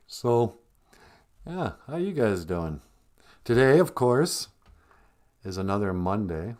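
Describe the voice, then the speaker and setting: A joking live stream host from northern Minnesota speaks slowly in a low, darkish voice with big pitch swings, pausing often. His casual chat rambles, and he laughs frequently.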